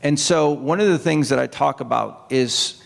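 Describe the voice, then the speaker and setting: An older retired naval officer with a gravelly voice recounts a personal story at a book event on an opera house stage. He speaks at medium pitch and moderate pace, earnestly and emotionally, rising as he acts out quotes, with long hall reverb.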